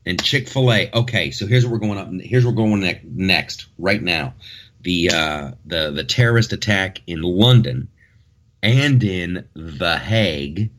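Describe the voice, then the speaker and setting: Deep voiced guy on a podcast mic, rambly and jokey, loose chat. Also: expressive, measured pace, a bit bright. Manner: rambling, joking, many restarts. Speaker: podcast host.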